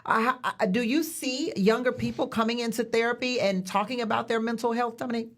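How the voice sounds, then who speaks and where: A woman's voice: fairly high pitch, steady tone, fairly quick. A woman co-hosting a late-night talk show, playful and upbeat in casual chat. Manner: playful, upbeat, calls people sis.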